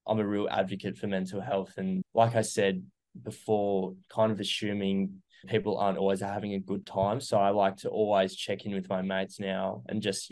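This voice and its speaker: A young man talks earnestly about what he learned, pausing on fillers as he goes. His low voice has a gravelly edge and stays fairly level in pitch, with little rise and fall. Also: a little mellow. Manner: earnest, reflective, many fillers. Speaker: guest sharing recovery story. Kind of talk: casual interview.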